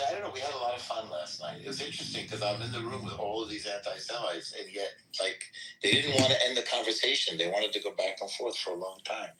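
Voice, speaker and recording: A man hosting a casual live audio chat, animated and often stumbling over his restarts. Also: lowish voice, reverberant. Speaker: host. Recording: distant mic with faint noise.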